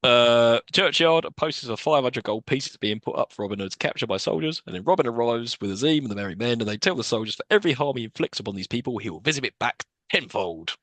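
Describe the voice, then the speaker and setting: A man's voice: medium pitch, lively intonation, fast, hardly any pauses, fairly bright tone, dry recording. A man co-hosting a podcast, casually recapping a film scene by scene and laughing at its lines. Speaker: podcast co-host.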